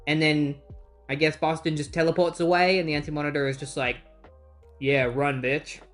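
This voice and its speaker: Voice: medium pitch, steady tone, fast, faint music behind. A comic book reviewer recapping issues in casual chat, with exasperated asides.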